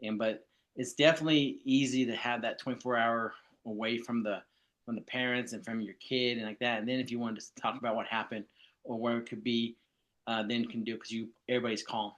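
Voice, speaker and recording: A man who is a softball coach, talking casually and easygoingly, joking and rambling with restarts. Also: mid-range voice, steady tone, fairly quick. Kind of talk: casual chat.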